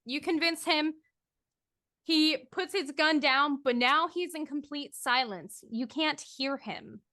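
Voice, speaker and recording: A woman with a high voice runs a tabletop horror game as game master. She narrates scenes in a descriptive, suspenseful way. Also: slow, pushed and bright.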